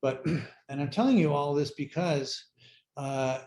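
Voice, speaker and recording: A middle-aged man sharing his recovery story at a workshop, speaking in a halting, reflective way with many fillers and restarts. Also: on the high side, a little mellow. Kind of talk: personal sharing talk.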